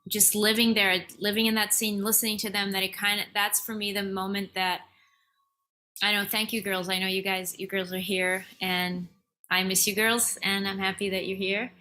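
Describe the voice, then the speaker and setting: Bright-voiced actress on a video call. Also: female voice, mid-range voice, flat delivery, moderate pace, a little hiss or hum.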